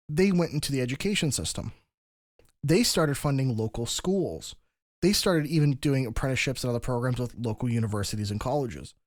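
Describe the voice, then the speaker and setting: A man's voice: fairly high pitch, no room sound, clean studio sound. Man explaining history on a podcast. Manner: explanatory, lecturing with frequent restarts. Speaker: podcast host. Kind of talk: casual podcast discussion.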